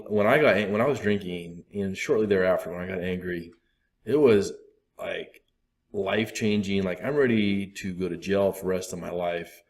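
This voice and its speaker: A man in his thirties giving a candid, rambling talk to a recovery group, acting out his own asides. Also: on the low side. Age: 30s.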